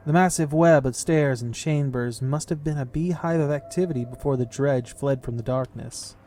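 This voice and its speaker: A man reading a game's story text aloud in a casual playthrough. He reads steadily at a middle pitch and breaks off into offhand comments. A faint hiss sits behind him. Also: normal speed, mellow. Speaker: game player and narrator.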